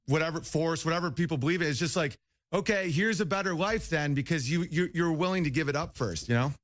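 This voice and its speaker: A man who is a comedian, guest on a talk show, chatting loosely with rambling, laughing asides. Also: a little high. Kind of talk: casual interview chat.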